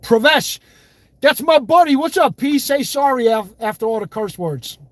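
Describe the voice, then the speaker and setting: A man's voice: extremely high pitch, expressive, moderate pace, no echo. A man hosting a livestream, reading viewer comments in blunt, profane, fiery casual talk. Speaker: livestream host.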